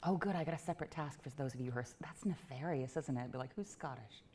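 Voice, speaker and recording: A woman giving a talk at a technology meetup in a playful, self-mocking way, with quick asides to the audience. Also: low voice, darkish tone, slight background noise. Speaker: conference speaker. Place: event venue before a live audience.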